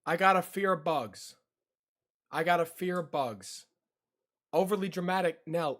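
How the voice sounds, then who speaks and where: A young male streamer talks straight to his livestream chat in a casual way, his voice a little high and a bit bright. He speaks a little slowly, pausing often, repeats his lines, and startles easily.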